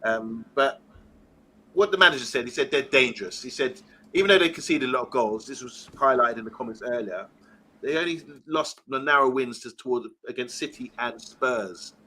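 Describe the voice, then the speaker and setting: A man's voice: mid-range voice, normal speed, pushed and bright, rough recording. A man hosting a casual fan live stream, reading out viewer comments and chatting. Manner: chatty, reads out viewer comments, laughs easily. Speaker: fan channel host reading live chat.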